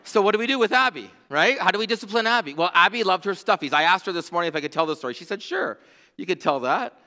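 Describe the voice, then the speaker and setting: A middle-aged man preaching a sermon as pastor, with impassioned, rhythmic repetition that swings from hushed to near-shouting. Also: sits high, lively intonation, fast. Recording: long reverb of a large hall.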